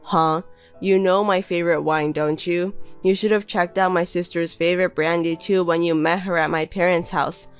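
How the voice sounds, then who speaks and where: Bossy insulting husband, read by a woman in a lowish voice, cold and belittling. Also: steady tone, moderate pace, clear, resonant tone, soft background music, natural voice. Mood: contemptuous. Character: scornful insulting young husband. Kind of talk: reading a text-message story.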